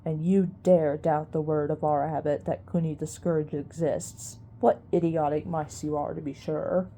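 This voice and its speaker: Woman doing an ancient squeaky mouse archivist. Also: steady tone, a little slow, dark tone, slight background noise. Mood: scornful. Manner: squeaky, barely above a whisper, muttering. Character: ancient wise old male mouse archivist.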